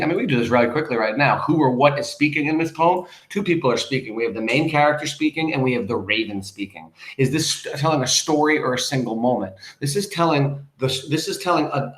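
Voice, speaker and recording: A man teaching a poetry lesson, talking through lines in a loose, conversational way with a few restarts. His medium-pitched voice echoes in the room around him. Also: fairly bright tone. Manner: casual, conversational explanations with restarts. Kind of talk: lesson on a poem, reading aloud and explaining.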